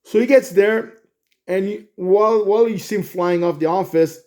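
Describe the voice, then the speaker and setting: A man casually pitching a movie plot, rambling with restarts and frequent "okay?" check-ins. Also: moderate pace, a little mellow. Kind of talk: casual storytelling monologue.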